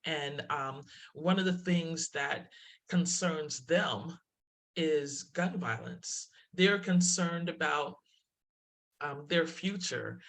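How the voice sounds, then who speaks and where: A woman speaking as a diversity presenter in a webinar talk, telling stories, laughing often and restarting her phrases. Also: sits low.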